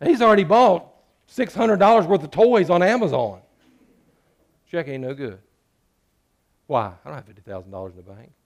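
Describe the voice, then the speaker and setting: A man preaching a sermon in a church, joking with the congregation and swinging between loud and hushed. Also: sits high, expressive, normal speed, gravelly, pauses often. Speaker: pastor.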